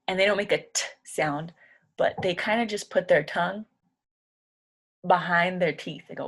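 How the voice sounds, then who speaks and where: A woman's voice: on the low side, normal speed. A young woman teaching English pronunciation, patiently repeating each word aloud several times. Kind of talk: pronunciation lesson.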